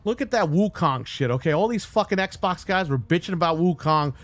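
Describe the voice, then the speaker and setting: A man with a fairly high voice delivers a heated, profane rant on a live stream. He talks bluntly and mocks the voices of the people he is complaining about. Faint music plays behind him. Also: expressive, brisk, few pauses. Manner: angry, blunt and heavily profane, mocking voices he quotes.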